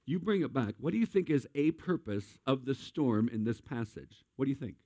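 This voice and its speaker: A man preaching a sermon in a lively, conversational way, with jokes and acted-out asides. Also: medium pitch, moderate pace, no room sound. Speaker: pastor.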